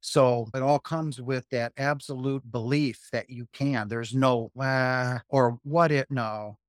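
A man's voice: medium pitch, steady tone, slow pace, no echo, clean studio sound. A man in his fifties, a guest talking earnestly about spiritual experiences and repeating phrases for emphasis. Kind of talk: spiritual interview talk.

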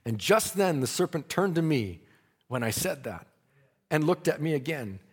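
A man's voice: a little high, sing-song, moderate pace, darkish tone, husky, big-room sound. A man preaching a sermon, telling a story dramatically and breaking into praise.

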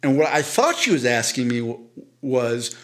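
A man on a podcast spins a long story in a loose, rambling way. He keeps restarting sentences and pokes fun at himself. His voice sits at an everyday middle pitch. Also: big pitch swings, normal speed, a bit bright. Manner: rambling, self-deprecating, frequent restarts and fillers. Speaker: podcast co-host. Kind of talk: casual chat, storytelling.

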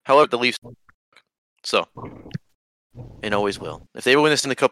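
A man's voice: medium pitch, lively intonation, moderate pace, pauses often, sharp tone, no room sound. A man hosting a podcast, playful and jokey in casual chat. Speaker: podcast host.

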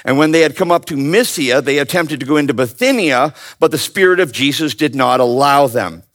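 A man teaching a Bible study in a lively, joking way, often calling on his listeners to answer. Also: on the high side, a little fast. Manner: animated, playful, calls out to the audience. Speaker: pastor.

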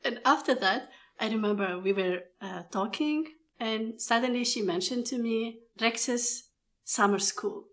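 A woman's voice: on the high side, a little slow. A woman from Tunisia, a guest in an interview, telling her career story and acting out what people said to her. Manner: animated storyteller acting out quoted speech.

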